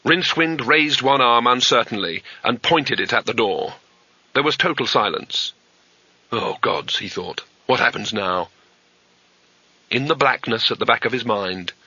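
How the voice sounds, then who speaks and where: A male narrator reads comic fantasy with a lively, expressive voice that is strikingly bright and forceful. The sound is dry and close, and a little dull in tone. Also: medium pitch, no room sound. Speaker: audiobook narrator. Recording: slightly dull, dry audiobook recording.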